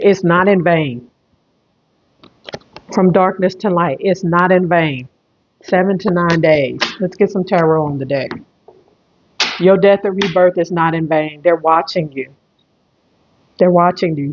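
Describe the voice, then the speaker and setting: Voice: mid-range voice, darkish tone, muffled recording. A tarot reader and medium giving an online reading, repeating phrases emphatically in a rambling flow.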